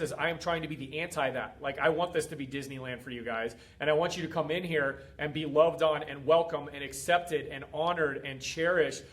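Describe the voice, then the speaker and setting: With a slightly high, somewhat bright voice, a middle-aged man leads a motivational livestream as a fitness coach and group host. He talks emphatically and preachily, repeating himself.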